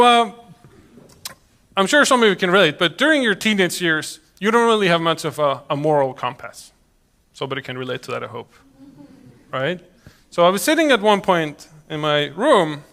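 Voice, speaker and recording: A man in his thirties tells a personal story before an audience. His voice sits high and bright, and it rises and falls a great deal. He drops into other people's voices as he goes. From Iceland. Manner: animated, acts out quoted voices. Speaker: public speaker.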